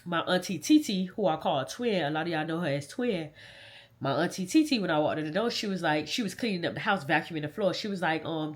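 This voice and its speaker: A woman tells a painful personal story, circling back over the same moments. Her slightly low voice runs casual and conversational, full of dialect grammar. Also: animated, brisk. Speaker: vlogger. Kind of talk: emotional storytime.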